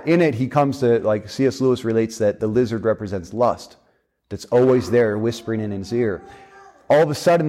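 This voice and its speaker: A man's voice: medium pitch, warm tone. A man preaching a sermon in a conversational way, with casual fillers and restarts.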